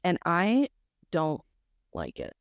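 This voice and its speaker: A woman, co-hosting a podcast with chatty, quick reactions. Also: fairly low pitch, wildly swooping pitch, dry recording. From South Mississippi. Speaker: podcast co-host. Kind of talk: casual podcast chat.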